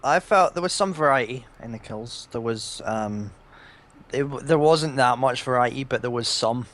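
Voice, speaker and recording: A man's voice: mid-range voice, normal speed, fairly bright tone. A man judging game montages in casual chat, hesitant and full of restarts. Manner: hesitant, many fillers and restarts. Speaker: montage judge.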